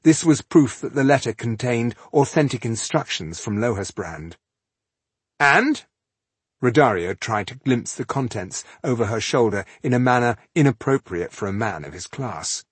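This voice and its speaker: A man narrating an audiobook in a measured, expressive storytelling style. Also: medium pitch, husky, dry recording. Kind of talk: scripted narration.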